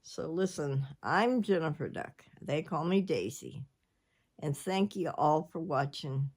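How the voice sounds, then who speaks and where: A woman's voice: low voice, takes it slowly, a little mellow, breathy edge. An older woman, chatting casually to her viewers and jumping from one subject to the next. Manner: rambling, chatty, jumps between subjects. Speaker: vlogger. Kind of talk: casual chat.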